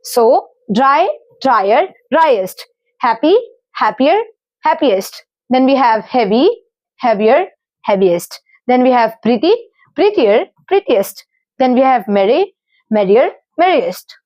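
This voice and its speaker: A woman with an Indian English accent and a high voice teaches grammar in a steady, patient way. She spells out letters and reads through lists of word forms one by one. The sound is close and dry, with no room around it. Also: takes it slowly, dry recording. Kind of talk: explaining grammar rules.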